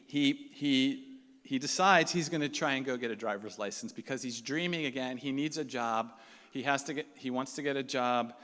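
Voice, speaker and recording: In a mid-range voice that is fairly bright, clear, and resonant, a man tells a story conversationally to a live audience, acting out the quoted lines of the people in it. The recording has a reverberant hall sound.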